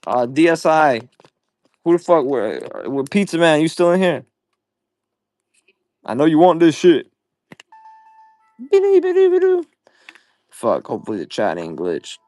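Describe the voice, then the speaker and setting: Profane, excitable young man selling live. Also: fairly high pitch, moderate pace, long pauses, no echo, faint music behind. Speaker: livestream seller. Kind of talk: casual live-selling stream.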